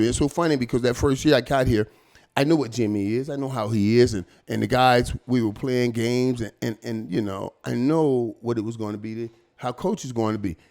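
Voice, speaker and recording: As a guest in an interview, a middle-aged former pro footballer swaps stories in a mid-range voice. The talk is casual and animated, marked by repeated words and frequent "man" and "dog."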